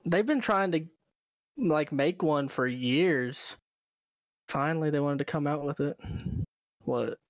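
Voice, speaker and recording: A man's voice: a little high, slow, pauses often, no room sound, highs cut off. A young man co-hosting a casual podcast, joking and laughing often. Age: young adult. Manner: animated, laughs often, jokey. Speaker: podcast co-host. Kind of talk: casual chat.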